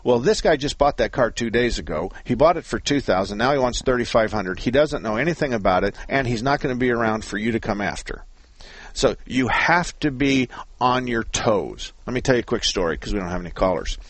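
Husky-voiced folksy radio car-repair host. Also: male voice, mid-range voice, animated, brisk, fairly bright tone, dry recording. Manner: folksy, joking, rambling explanations. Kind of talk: call-in radio talk.

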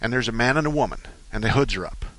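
Folksy, animated radio car show host. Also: male voice, medium pitch, very fast, no echo. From Arizona. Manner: folksy, rambling storyteller. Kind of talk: talk radio monologue. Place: radio studio. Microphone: studio microphone.

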